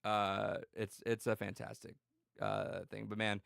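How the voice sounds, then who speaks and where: A man's voice: fairly low pitch, completely flat delivery, unhurried, gravelly, fairly bright tone, clear, resonant tone, dry recording, studio quality. A man hosting a casual podcast chat, rambling and swearing with lots of restarts.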